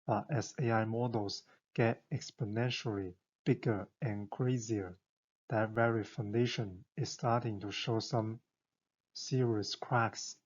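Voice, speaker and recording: A man narrates an explainer in an enthusiastic, conversational way, posing rhetorical questions as he goes. His voice is husky and unhurried. The recording sounds a little dull and lo-fi. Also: on the low side, steady tone.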